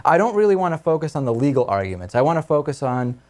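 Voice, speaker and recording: A man's voice: on the high side, sing-song, fast talker, a little mellow. A man hosting a talk radio show, leading casual discussion with his co-hosts in a conversational way.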